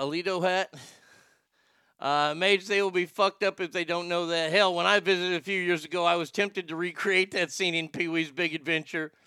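High bright-voiced joking male host. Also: gravelly, clean tone, no room sound, clean studio sound. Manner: loose, joking, profane banter. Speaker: show host. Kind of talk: casual rambling chat show.

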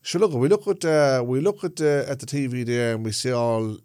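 A man's voice: mid-range voice, brisk, darkish tone, smooth, no echo. Rambling Irish Traveller man, dry sound. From Ireland. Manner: rambling, keeps checking he is understood. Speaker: podcast co-host. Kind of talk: casual chat.

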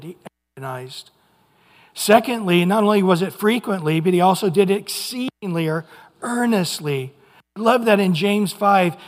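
A male pastor giving a fervent, emphatic sermon in a church, with quick asides. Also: high voice. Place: church sanctuary. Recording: long hall reverb.

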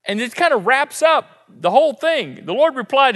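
Man preaching, high bright voice, long hall reverb, animated storytelling. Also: moderate pace, few pauses. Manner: animated storytelling, acts out quotes. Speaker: pastor. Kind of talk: sermon. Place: church sanctuary.

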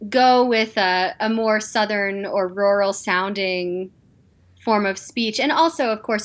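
A woman on an academic panel, offering relaxed, observational comments. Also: mid-range voice. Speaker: panel guest.

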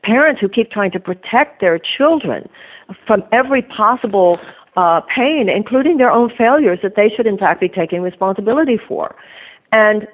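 A woman's voice: medium pitch, lively intonation, normal speed, low-quality recording. A woman author being interviewed, telling her story in an earnest, reflective way. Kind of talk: conversational interview.

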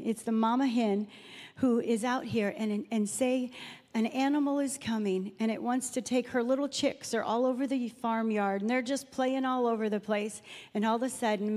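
Lady preaching, chatty, tells stories, kinda high voice, big echoey church. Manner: warm, chatty preaching with personal stories and Bible reading. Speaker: guest speaker at a church Mother's Day service. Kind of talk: sermon. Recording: reverberant hall sound.

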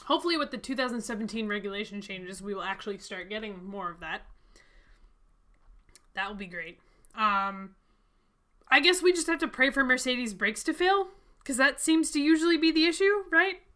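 A woman co-hosting a casual podcast who chats with energy and jokes along. Her voice sits a little high. It has a bright, forward tone. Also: animated, normal speed. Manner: enthusiastic, chatty, joking. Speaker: podcast co-host.

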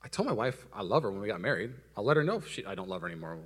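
A young adult man preaches rapid-fire as a pastor, spinning self-mocking stories that swing from loud excitement to soft, low asides. The background is noisy.

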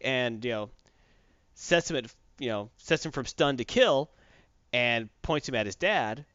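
A man's voice: mid-range voice, animated, normal speed, fairly bright tone, no room sound, highs cut off. A man in casual chat, recapping a comic book plot in a rambling way with many fillers and restarts.

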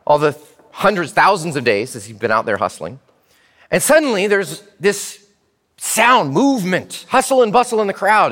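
A man preaching a sermon in church as pastor, animated and speaking directly to the children. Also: high voice, long reverb tail.

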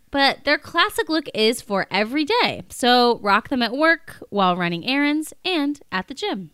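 A woman's voice: fairly high pitch, very animated, normal speed, hardly any pauses, a bit bright, clear, resonant tone, dry recording, studio quality. A woman co-hosting a podcast, reading a sponsor ad in a bubbly, laughing manner. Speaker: podcast co-host. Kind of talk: casual chat and read ad.

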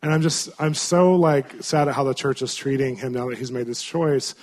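Speaking at a normal pace, this male pastor has a mid-range voice with a somewhat dark tone. He's preaching in a sincere, chatty way, weaving a story for his congregation full of fillers and false starts.

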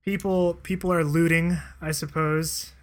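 A man chatting on a podcast in a slightly raised pitch. He stays laid-back, cracks dry jokes and laughs often. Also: level tone, measured pace. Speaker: podcast co-host. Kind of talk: casual chat.

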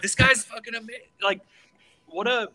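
A man in casual podcast chat, excitable and swearing freely, tripping over his words and restarting often. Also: very high voice, moderate pace, crowd noise, poor audio. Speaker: podcast co-host.

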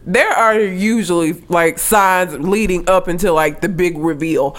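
Blunt, lively-voiced woman co-host. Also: on the low side, a little slow, few pauses. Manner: blunt, profane, laughing often. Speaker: podcast co-host. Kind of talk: casual chat.

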